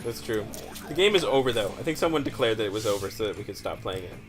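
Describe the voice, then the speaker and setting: A man's voice: fairly low pitch, lively intonation, fast talker, over music. A man playing a video game and chatting playfully with friends, teasing them as he goes. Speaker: player at the controls. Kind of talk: casual gaming chat.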